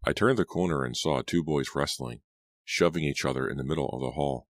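A man narrating an audiobook in a steady, measured reading style. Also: rumbling low, no echo, clean studio sound. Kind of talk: scripted storybook narration.

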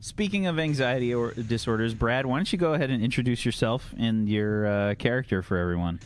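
A man's voice: mid-range voice, a little fast, slight background noise. A man running a tabletop game as game master, introducing players with teasing, playful banter. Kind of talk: casual actual-play chat.

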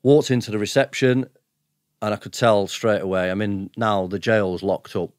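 Man, low pitch, blunt sweary storytelling, dry close mic. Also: steady tone, moderate pace, clear, resonant tone, no echo. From United Kingdom. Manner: blunt, sweary, chuckles between anecdotes. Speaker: podcast guest. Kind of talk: casual storytelling.

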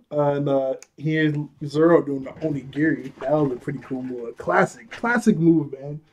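A man's voice: fairly high pitch, very animated, a little slow, highs cut off. A man casually recapping an anime episode, chuckling often and a bit out of breath, with a loose, apologetic way of talking. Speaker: anime reviewer.

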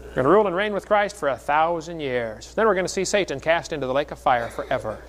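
A man's voice: a little high, animated, fast, slight background noise. A middle-aged man preaching a sermon in a folksy storytelling way, with jokes between the stories. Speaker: creationist speaker.

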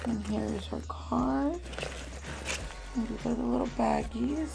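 A woman hosting a craft swap unboxing vlog at home, talking slowly and gently and calling viewers "love" again and again. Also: a little high, gravelly, music in the background, poor audio. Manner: slow, gentle, calls viewers "love" often.

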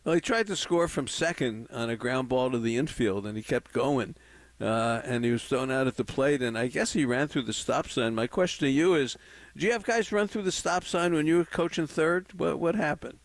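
A man's voice: medium pitch, moderate pace, no room sound. A man hosting a sports radio show, talking in an eager, folksy way and putting leading questions to his guest. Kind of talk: casual sports radio chat.

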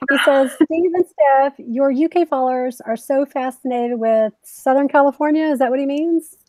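Casting: upbeat giggly woman, high voice, livestream co-host. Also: normal speed, darkish tone. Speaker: livestream co-host reading super chats. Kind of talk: casual panel chat.

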